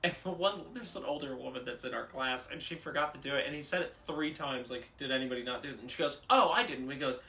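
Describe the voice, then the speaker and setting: A man's voice: medium pitch, fast talker, creaky, few pauses, sharp tone, echoey room. A young man co-hosting a casual podcast, chatty and joking. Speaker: podcast co-host.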